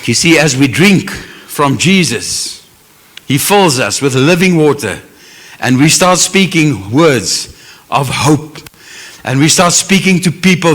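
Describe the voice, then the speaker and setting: A man's voice: a little high, very animated, slow, fairly bright tone. A man with a South African English accent preaching a sermon as pastor, earnest and emotional, with Afrikaans phrases mixed in.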